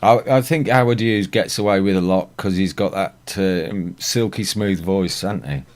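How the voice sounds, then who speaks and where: A man's voice: sits low, normal speed. A man co-hosting and producing a podcast, easygoing and self-deprecating in casual chat.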